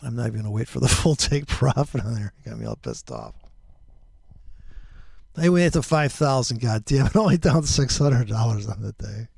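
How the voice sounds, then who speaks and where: Gravelly, foul-mouthed middle-aged man ranting. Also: mid-range voice, very animated, normal speed, darkish tone, no echo, studio quality. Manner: profane, heated ranting. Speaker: trading livestream host. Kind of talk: ranting livestream chat.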